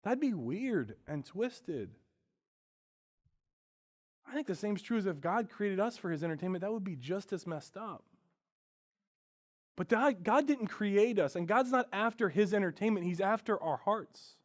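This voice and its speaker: A man with a high, light voice preaches a sermon as a pastor. He talks earnestly and candidly, dropping to a hush and then rising loud and animated. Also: measured pace, long pauses.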